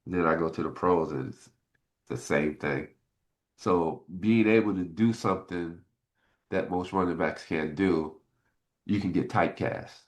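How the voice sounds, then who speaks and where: A middle-aged man, a former football player, telling stories in a casual interview and getting animated as he recalls his frustrations. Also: a little slow. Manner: animated, jumps high in pitch when retelling frustration.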